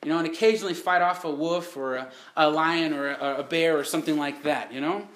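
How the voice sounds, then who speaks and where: A man's voice: fairly high pitch, fairly quick, fairly bright tone, echoey room, a little hiss or hum. A man preaching a sermon, telling the story in a folksy way with rhetorical questions.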